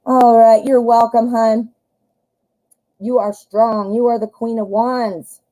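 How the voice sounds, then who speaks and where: Chatty tarot lady on a livestream, mellow voice, jokes at herself, calls everyone hon. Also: fairly high pitch, little pitch movement, slow, poor audio. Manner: jokey, self-mocking asides. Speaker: tarot reader. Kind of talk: live-stream tarot reading.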